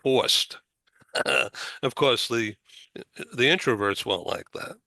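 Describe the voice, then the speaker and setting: Boston guy hosting a panel, slow talker, gravelly and bright, dry sound. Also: medium pitch, expressive, dry recording. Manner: slow, gravelly, laughs often. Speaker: talk show host. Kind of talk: panel discussion.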